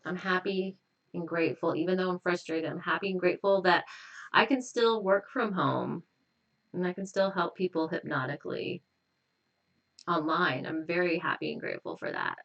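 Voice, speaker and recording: Woman hypnotist leading slow affirmations, lo-fi. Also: fairly low pitch, big pitch swings, gravelly, recorded from a distance. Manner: slow, repetitive, gently affirming. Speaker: hypnotist hosting a live stream. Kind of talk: guided tapping affirmations on a live stream. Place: at home.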